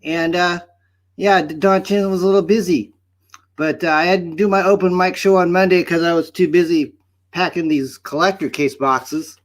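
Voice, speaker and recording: A man's voice: sits high, steady tone, normal speed, close to an everyday voice. A man playing a goofy mustached alter-ego of a livestream host, chatty and rambling in a made-up accent. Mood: hammy cheerful. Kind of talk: hosting an open-mic livestream. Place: home studio set.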